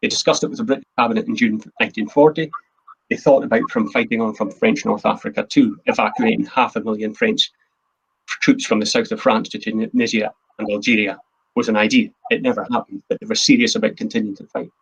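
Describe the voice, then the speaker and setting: A man's voice: on the low side, fairly even intonation, a little fast, slightly rough, highs cut off. A man, the host and a historian, giving an earnest, emphatic history talk from his notes. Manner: earnest, emphatic, quotes speeches in a plain voice.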